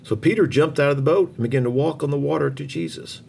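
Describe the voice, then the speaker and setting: A man reading a children's Bible story aloud in an expressive, lively way. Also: fairly high pitch, fast talker, gravelly, slight background noise.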